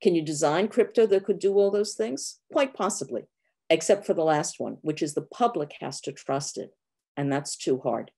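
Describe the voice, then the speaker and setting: Low-voiced woman, frank explainer. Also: expressive, moderate pace, dark tone, breathy edge. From New York. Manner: frank, explanatory, many fillers. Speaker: guest professor. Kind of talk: online Q&A answers. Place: video call.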